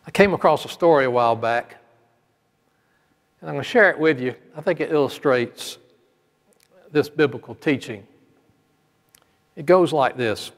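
A male pastor telling a parable during a sermon in a slow, measured storytelling manner. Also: mid-range voice. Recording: long hall reverb.

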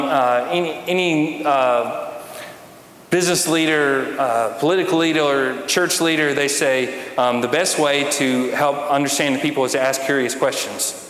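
A man's voice: medium pitch, a bit bright. A man preaching a sermon to a congregation, conversational with wry humor and rhetorical questions. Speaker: pastor. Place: church sanctuary. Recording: echoey hall with faint room noise.

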